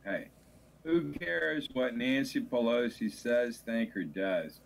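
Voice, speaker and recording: A man's voice: mid-range voice, animated, takes it slowly, creaky, poor audio. A man, an attorney, calling in as a guest on a talk radio show, grumbling and opinionated. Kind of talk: casual talk radio chat.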